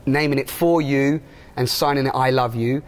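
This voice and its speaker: A man's voice: mid-range voice, steady tone, moderate pace. A man chatting enthusiastically in an interview, rambling with many restarts. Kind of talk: casual chat.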